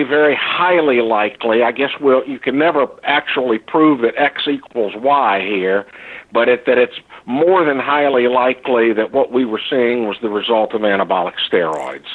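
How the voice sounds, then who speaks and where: An older man, a foundation founder, answering interview questions in an earnest, halting way with many fillers and restarts. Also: medium pitch. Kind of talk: recorded interview, earnest testimony. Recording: tinny phone-like line.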